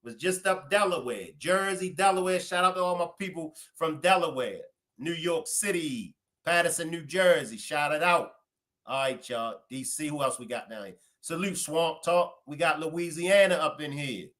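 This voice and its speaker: A man's voice: fairly high pitch, lively intonation, moderate pace, a bit bright. Chatty Baltimore man hosting a stream. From Baltimore, USA. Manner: chatty, greeting viewers by place. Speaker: live stream host. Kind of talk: casual live stream shout-outs.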